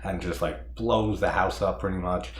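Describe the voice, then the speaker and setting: A man's voice: deep voice, fairly even intonation, moderate pace, a little hiss or hum. A man casually reviewing a horror movie, rambling, swearing and chuckling as he picks it apart. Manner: rambling, profane, chuckles often. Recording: echoey room.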